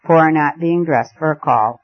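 A man reading aloud as a calm retired judge who speaks in a low, measured, placid way. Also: no room sound, lightly acted. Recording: muffled lo-fi recording.

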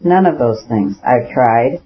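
A man voicing a gentle, withdrawn landowner in an audiobook reading, answering gently and unwillingly. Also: mid-range voice, lively intonation, slow. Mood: reluctant. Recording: dull lo-fi recording.

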